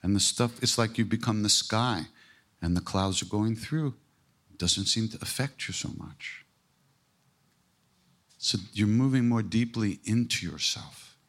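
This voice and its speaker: A man with a lowish voice speaks in an informal spiritual talk. He is blunt and earthy, and he jokes between emphatic, repeated points. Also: a little slow, long pauses, fairly bright tone. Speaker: spiritual teacher.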